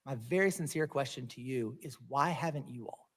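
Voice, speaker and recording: A man's voice: mid-range voice, fairly bright tone, husky. Man questioning in a reverberant hall. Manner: measured, pointed, hurried by time limit. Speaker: lawmaker questioning a witness at a hearing. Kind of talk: formal hearing questioning.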